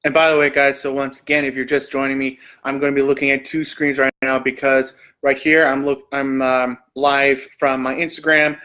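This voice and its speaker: On his casual live stream, a man from Canada speaks at normal speed in a mid-range, sharp-toned voice, keeping a level tone with hardly any pauses. He reads viewers' search questions out loud and answers them with jokes.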